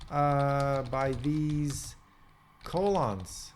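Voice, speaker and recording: A man in a casual coding vlog, thinking aloud in a halting way, full of restarts and questions to himself, and reading documentation aloud in quick bursts. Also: medium pitch, slight background noise. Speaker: programmer vlogger.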